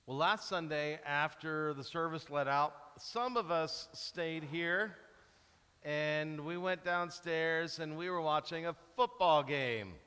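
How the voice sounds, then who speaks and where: A man delivers a sermon from the pulpit, unhurried and measured. His voice is bright and slightly high for a man. The sound rings with the long reverb of a church hall. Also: smooth. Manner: animated storytelling, acts out cheering and groaning. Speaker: pastor.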